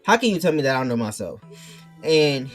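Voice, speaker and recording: A man's voice: mid-range voice, sing-song, a little fast, faint music behind. Rambling man ranting to viewers. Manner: rambling, reads chat messages aloud and argues back. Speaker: streamer. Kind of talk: casual rant to viewers. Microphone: mic turned backwards.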